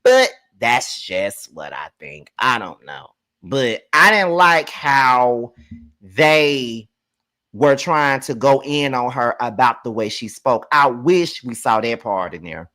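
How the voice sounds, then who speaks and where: A live review host from Mississippi with a Southern accent, talking bluntly with lots of swearing and drawn-out words. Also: medium pitch, sing-song, bright, forceful tone. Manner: blunt, profane, drawls words. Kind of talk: casual live commentary.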